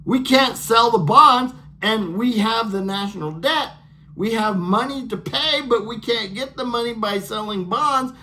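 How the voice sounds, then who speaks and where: A man's voice: extremely high pitch, measured pace, sharp tone, pitched above the performer's own voice, exaggerated voice. A man playing frantic, panicking officials. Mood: panicked. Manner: frantic, exasperated. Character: panicked male officials unable to sell debt.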